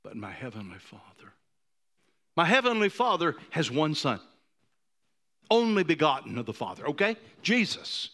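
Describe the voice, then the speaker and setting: A man in his sixties preaching a sermon, moved to tears, who swings from ringing high declarations down to hushed near-whispers. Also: big pitch swings, moderate pace, pauses often. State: emotional, choked up. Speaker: pastor.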